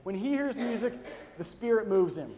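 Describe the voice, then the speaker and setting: A young man with a high-pitched, dark-toned voice gives a devotional talk at a moderate pace, his intonation lively. He speaks conversationally, fills it with personal anecdotes and keeps tagging lines with "right?", all echoing with the long reverb of a large hall.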